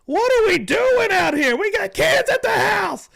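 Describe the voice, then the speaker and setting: A man putting on the voice of an exasperated woman who is scolding her drunk partner at a stadium, shrill and shouting. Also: sing-song, measured pace, creaky, full character voice.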